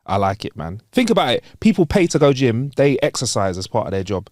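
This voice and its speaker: A man hosts a podcast from a studio in loose, slangy banter. His delivery is quick and animated, and his voice swings up and down as he tells his stories. The sound is dry and close. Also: on the low side, no echo. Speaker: podcast co-host. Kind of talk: casual chat.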